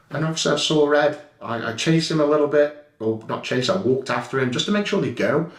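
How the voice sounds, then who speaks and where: A man's voice: fairly high pitch, animated, a little fast, few pauses, roomy sound. A man telling a story over security footage in a blunt, heated way, swearing freely. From England. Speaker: guest recounting an incident.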